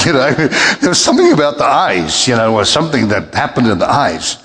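A man's voice: normal speed, long reverb tail. A male pastor preaching a sermon, telling a story and acting out the dialogue with big jumps in his voice. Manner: animated, acts out dialogue with big pitch jumps.

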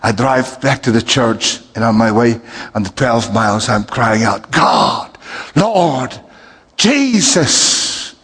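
A man's voice: slow, in a large hall. A male pastor preaching a sermon, telling a story and acting out the dialogue with big jumps in his voice. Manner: animated, acts out dialogue with big pitch jumps.

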